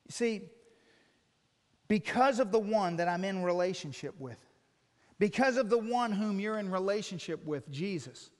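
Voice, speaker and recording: A man's voice: high-pitched, animated, normal speed, long reverb tail. A man preaching a sermon, earnestly explaining with illustrations and putting direct questions to his listeners.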